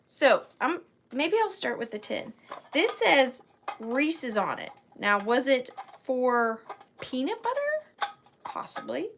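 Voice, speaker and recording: A woman's voice: high-pitched, very animated, slow, fairly bright tone, slight background noise. A woman hosting a live online antiques sale from her home office, chatting with viewers by name and counting down bids. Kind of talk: live-stream auction chat.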